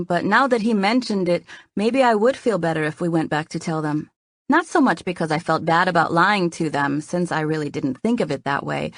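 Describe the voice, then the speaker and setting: Woman reading a romance audiobook, lowish voice, dry close mic. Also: no room sound. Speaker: audiobook narrator. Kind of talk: first-person romance narration.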